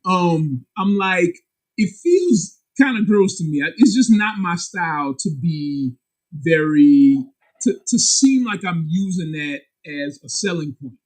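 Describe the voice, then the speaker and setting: Guy with a husky kinda high voice, talks comics, gets real animated and slangy. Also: a little slow, low-quality recording. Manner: animated and emphatic, sharp jumps in pitch; slangy, candid. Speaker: comic book publisher, guest. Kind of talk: casual chat.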